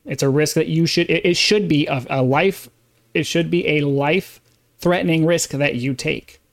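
Male podcast host, fairly high voice, insistent opinion rant. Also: moderate pace. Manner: emphatic, insistent, with frequent restarts. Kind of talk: opinion monologue.

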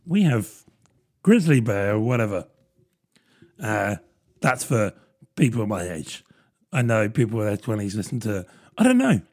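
A man's voice: lowish voice, sing-song, unhurried, long pauses, a little mellow. A man, rambling through a casual solo podcast with plenty of fillers and self-deprecating asides. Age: 30s. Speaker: podcast host.

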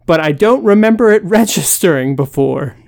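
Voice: medium pitch, lively intonation, moderate pace, gravelly, a little mellow, dry recording, studio quality. A podcast co-host sharing casual opinions, hedging with fillers and laughing as they talk. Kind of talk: casual commentary chat.

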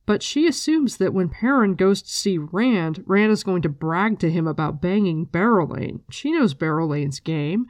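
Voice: mid-range voice, lively intonation, moderate pace, few pauses, dry recording, studio quality. A host casually recapping a book with blunt, profane chat, mixed with reading passages aloud.

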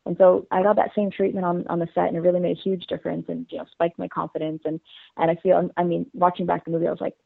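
A woman guest talks quickly and eagerly, piling up fillers as she tells her story, with a gravelly edge to her voice. The sound is dry and squeezed, like a phone line. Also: on the low side, flat delivery, no echo. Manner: fast, bubbly storytelling with many fillers. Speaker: interview guest. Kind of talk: casual interview.

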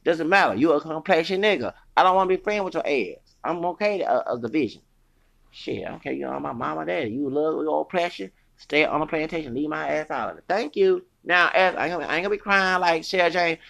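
Gravelly man ranting angrily. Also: a little high, animated, fast talker, fairly bright tone. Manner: angry, profane, rambling with many restarts. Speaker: podcaster. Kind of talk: heated solo rant.

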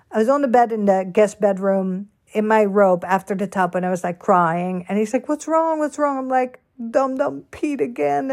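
A woman's voice: medium pitch, a little mellow. A woman hosting a casual solo podcast from her bedroom at home, talking in a candid, rambling way with lots of fillers. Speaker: podcast host.

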